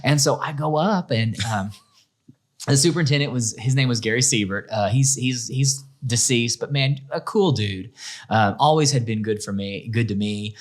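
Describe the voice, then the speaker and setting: Middle-aged man, school principal, storytelling guest, animated, lots of restarts, plays out quoted voices. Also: medium pitch, normal speed. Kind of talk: casual storytelling interview.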